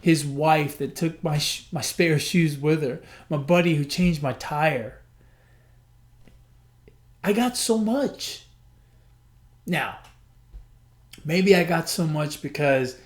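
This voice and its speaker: A male podcast host tells a long personal story in a loose, conversational monologue. His voice sits slightly high for a man. He keeps it animated and acts out the back-and-forth of the people in it. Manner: animated, acts out quoted dialogue; chatty, frequent "I'm like" and "he goes".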